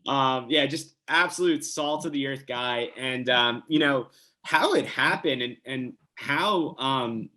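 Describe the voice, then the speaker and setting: A man's voice: mid-range voice, takes it slowly, bright, forceful tone. A man who is a guest on a podcast, chatting casually in an upbeat, joking way. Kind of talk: casual chat.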